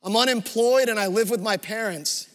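A man's voice: sits high, moderate pace, in a large hall, close to an everyday voice. A man acting out a gloomy, self-pitying balding man who whines about his life, as part of a sermon story.

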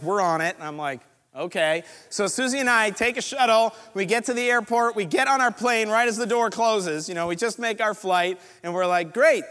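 A man preaching a storytelling sermon, animated and acting out the other people's lines in the story. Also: sits high. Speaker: pastor. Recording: long reverb of a large hall.

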